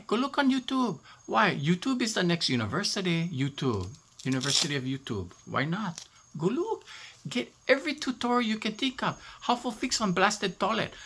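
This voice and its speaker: A man with a Hawaiian Pidgin accent talking casually to his viewers. He is animated, then drops to a soft, emotional tone. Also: high-pitched, gravelly. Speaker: vlogger.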